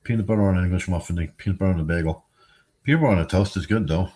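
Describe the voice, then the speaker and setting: Middle-aged New streamer, deep voice, tired, salty, wisecracking. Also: male voice, very fast, warm tone. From New York. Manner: profane, wisecracking, easily amazed. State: tired, yawning. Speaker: streamer chatting with viewers. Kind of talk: casual chat.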